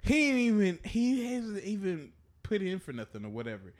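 In a high voice with wildly swooping pitch, a man co-hosting a podcast spins casual, foul-mouthed stories at a moderate pace, laughing throughout the easygoing conversation.

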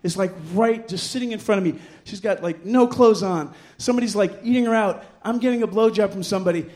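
A middle-aged man telling a bawdy story live on a bar stage, animated and self-mocking, jumping to loud high voices when he acts out what people said. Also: brisk.

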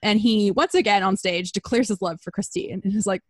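A woman's voice: mid-range voice, brisk, hardly any pauses, dry recording. A woman hosting a comedy show, recapping a story in a crude, rambling, casual way. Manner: crude, rambling, lots of fillers.

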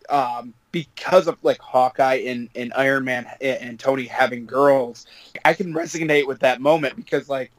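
A man's voice: fairly high pitch, no room sound, rough recording. Chatty man on a podcast, dry sound. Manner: chatty, rambling with many fillers, laughs often. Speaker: podcast co-host. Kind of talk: casual podcast chat.

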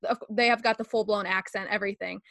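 A woman's voice: medium pitch, fairly even intonation, fast talker, creaky, pushed and bright, no room sound. A woman with a Northern American accent, hosting a podcast in a bubbly, giggly way, full of fillers. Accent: Northern American English. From northern United States. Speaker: podcast host. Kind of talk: casual podcast chat.

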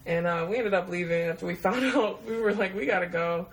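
A woman's voice: medium pitch, fairly quick, rough recording. Profane, laughing woman telling a story. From Detroit, USA. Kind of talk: casual storytelling.

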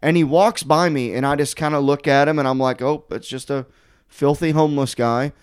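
A man hosting a podcast, telling a story in casual chat, animated and swearing, full of "like" fillers as he acts out what people said. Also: on the high side, a little fast, clean tone.

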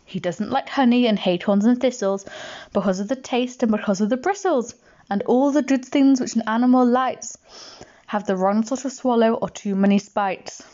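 A woman voicing a gentle, dreamy, slow-witted male toy bear in a storybook reading, in a soft, earnest, musing way. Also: a little high, muffled recording, close to an everyday voice.

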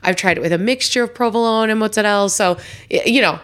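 A woman's voice: medium pitch, fast talker, fairly bright tone. A woman hosting a podcast interview, effusive and chatty, with lots of restarts and fillers. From New York Italian American family. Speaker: podcast host. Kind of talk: casual interview chat.

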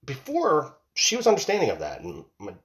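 A man's voice: fairly high pitch, huge pitch swings, brisk, vocal fry, fairly bright tone. A man in his forties giving a casual monologue, rambling and emphatic, swearing and repeating himself as he tells a story about his family. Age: 40s. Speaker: father telling a story.

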